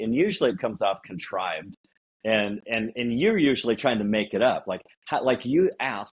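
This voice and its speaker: Husky low-voiced man on a dull recording. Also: expressive, brisk. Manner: conversational, acts out sales dialogue. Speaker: podcast co-host. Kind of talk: casual sales-advice chat. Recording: dull lo-fi audio.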